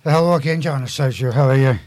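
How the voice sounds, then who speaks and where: A man co-hosting a community radio show, asking questions haltingly with stumbles and restarts. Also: medium pitch, darkish tone, no echo. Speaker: radio co-host.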